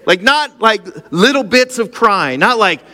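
Pastor, 40s, male; bright, slightly high voice; animated storytelling sermon in a big echoey hall. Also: measured pace. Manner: personal storytelling, animated, laughing at himself. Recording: long hall reverb.

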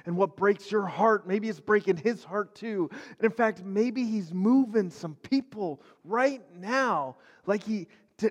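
A middle-aged man preaching in a casual, heartfelt way. His voice sits high, and his talk wanders through fillers and restarts. A long reverb trails after each phrase. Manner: conversational, earnest, many fillers and restarts. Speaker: pastor. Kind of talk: casual sermon video.

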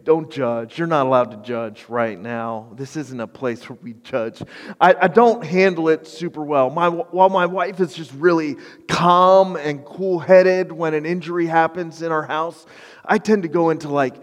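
A pastor preaching a conversational, emphatic sermon with self-deprecating humor. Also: male voice, on the high side, moderate pace, in a large hall.

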